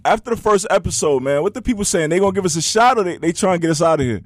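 A man's voice: high-pitched, lively intonation, racing, no room sound. A middle-aged man hosting a casual podcast as a basketball coach, talking in easygoing slang and tripping over his words. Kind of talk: casual chat.

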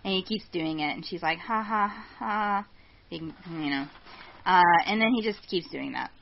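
A woman's voice: deep voice, moderate pace, gravelly. Blunt, sarcastic woman podcast host. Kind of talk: casual storytelling chat. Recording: dull lo-fi sound.

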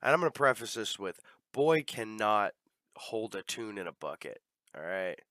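A man's voice: on the low side, big pitch swings, normal speed, a bit bright, dry recording, studio quality. A man hosting a casual chat, telling long profane rambling stories.

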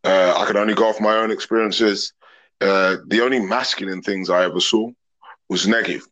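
A man's voice: lowish voice, fairly even intonation, a little fast, a bit bright, rough recording. A man, a podcast guest talking openly and earnestly in long reflective thoughts. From England. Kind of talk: open casual conversation.

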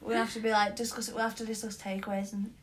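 A young woman co-hosting a casual chat, playful and quick to laugh. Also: fairly high pitch, level tone. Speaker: co-host.

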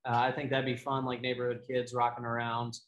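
A man co-hosting a casual podcast, telling a story in an animated way. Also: medium pitch, fairly quick. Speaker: podcast co-host. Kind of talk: casual chat. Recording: roomy echo.

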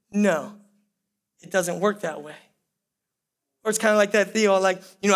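A man's voice: sits high, moderate pace, a bit bright. A man preaching a sermon, talking conversationally and addressing the congregation directly with repeated phrases. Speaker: pastor.

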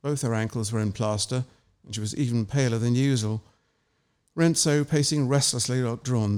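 A man reads his short story at an even, middle pitch. He then talks about his writing in a measured, anecdotal way, with small restarts. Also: smooth. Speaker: author and interview guest. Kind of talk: story reading and casual interview.

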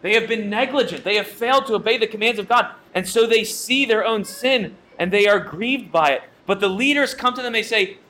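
A male pastor delivers a sermon with a high-pitched voice. His tone is bright and ringing. He preaches earnestly, pressing his points home by repeating them. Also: a little fast, few pauses.

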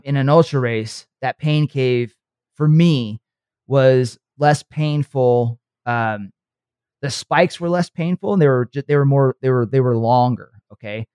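A man talking earnestly on a podcast in a coaching way, often checking in with his listener with quick "okay" and "right" asides. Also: medium pitch, a little mellow, clear, resonant tone, dry recording, clean studio sound. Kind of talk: motivational podcast talk.

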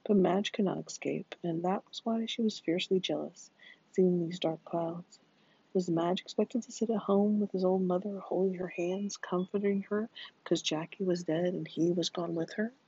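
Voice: medium pitch, steady tone, moderate pace, dark tone, husky, no room sound. A narrator reading a novel aloud in a dramatic way, often dropping into whispers, in a dull lo-fi recording. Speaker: audiobook narrator.

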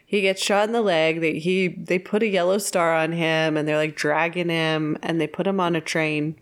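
Woman co-host recapping a film, low voice. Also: fairly even intonation, clean tone. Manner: retells plots with quick acted-out quotes and laughs. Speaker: podcast co-host. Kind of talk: casual film discussion.

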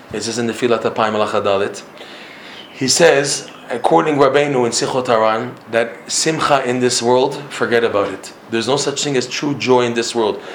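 An emphatic male religious teacher lectures with frequent repetitions and chuckles. His voice sits at an ordinary middle pitch. The recording has a roomy echo and a faint hiss of noise behind him. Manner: emphatic, repeats himself, chuckles often. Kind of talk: Torah lecture.

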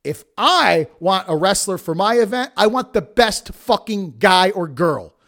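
Brief: higher-voiced man, podcast host, heated profane rant, blunt and defiant. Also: lively intonation, a little slow, a bit bright. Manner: blunt, heated, heavy swearing. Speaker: podcast host and wrestling promoter.

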